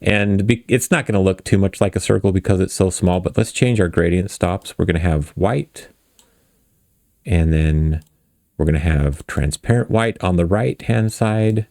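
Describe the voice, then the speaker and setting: A man hosting a game dev tutorial, walking through code in a relaxed, chatty, self-deprecating way. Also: deep voice, moderate pace, creaky, dry recording, clean studio sound. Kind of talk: casual screen-recorded coding tutorial.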